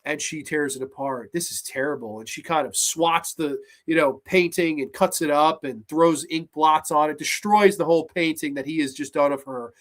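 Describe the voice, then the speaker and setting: A man's voice: a little high, moderate pace, hardly any pauses. A man hosting a horror movie show, retelling film scenes casually with lots of swearing and acted-out lines. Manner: animated, profane, acts out scenes in voices. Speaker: horror podcast host.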